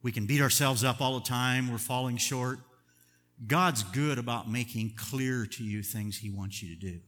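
Older guy pastor preaching, bright voice, big echoey church hall, goes loud then hushed. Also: mid-range voice, moderate pace. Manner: conversational, chuckling, swings between loud emphasis and hushed asides. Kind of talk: sermon.

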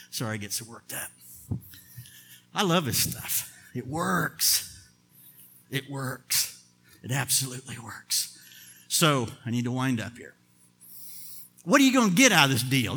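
An older man preaching a sermon with passion, swinging from loud emphatic bursts to quiet asides. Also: fairly high pitch. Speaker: pastor.

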